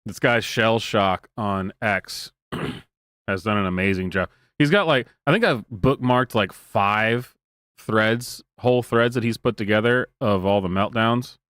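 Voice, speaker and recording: A man's voice: lowish voice, a little slow, fairly bright tone, clean tone, no room sound, studio quality. Man giving sarcastic reaction commentary. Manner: joking, sarcastic, many restarts. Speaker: streamer host.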